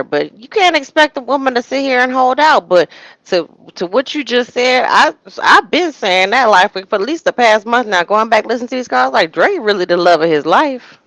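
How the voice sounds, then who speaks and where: A woman's voice: medium pitch, fairly bright tone, no echo. A woman co-hosting a casual commentary show, rambling with lots of hesitant starts. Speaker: co-host.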